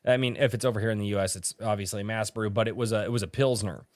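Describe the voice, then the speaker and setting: A man's voice: fairly low pitch, steady tone, very fast, no echo, clean studio sound. A man hosting a casual livestream chat, rambling with frequent restarts and casual swearing. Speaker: podcast host.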